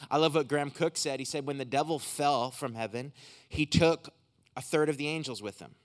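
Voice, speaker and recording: A man preaching as a guest speaker in a church service. He moves from emphatic, rising preaching into quiet, intense prayer for healing. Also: fairly high pitch, fairly quick. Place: hotel conference room church.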